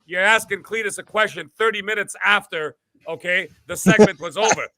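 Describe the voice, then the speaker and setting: A man's voice: high voice, a little fast, pushed and bright. A man hosting a gaming podcast, ranting in a profane, mock-boastful way. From Canada. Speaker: podcast host. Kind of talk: casual gaming podcast chat.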